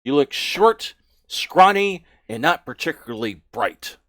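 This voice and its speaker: A man voicing a gruff, bullying male orc camp guard who barks loud, scornful insults. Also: a little high, big pitch swings, unhurried, dry recording, clean studio sound.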